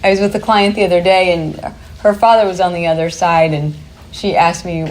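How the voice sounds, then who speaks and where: Lady giving a workshop talk to a room, kinda low voice, chatty, laughs a lot. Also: fairly even intonation, normal speed, darkish tone, slight background noise. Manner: chatty, upbeat, laughs easily. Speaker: workshop presenter. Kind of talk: workshop talk to a live group.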